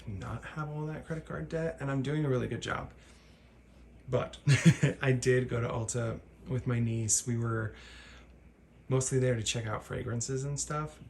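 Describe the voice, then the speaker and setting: A man's voice: medium pitch, vocal fry, slight background noise. A man talking casually through his makeup routine as a vlogger, rambling, correcting himself and laughing at his own slips. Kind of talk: casual chatty tutorial.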